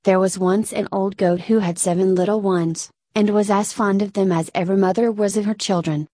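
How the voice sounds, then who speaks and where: A woman reading a classic fairy tale aloud in an even, unhurried storybook manner. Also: medium pitch, dry recording.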